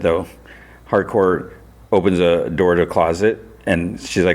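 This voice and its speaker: A man hosting a podcast, casually retelling a TV episode with many fillers and jumping into a higher voice to act out the characters' lines. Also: steady tone, moderate pace. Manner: loose storytelling that acts out characters' lines in a raised voice; many fillers like "you know" and "like". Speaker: podcast host recapping TV episodes.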